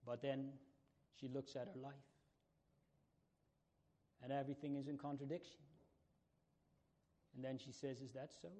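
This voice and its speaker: A man's voice: mid-range voice, flat delivery, unhurried, long pauses, mellow. A man preaching a fervent sermon to a congregation, building to emphatic raised passages and repeating key phrases. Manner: fervent preaching with rising emphatic outbursts and repetitions.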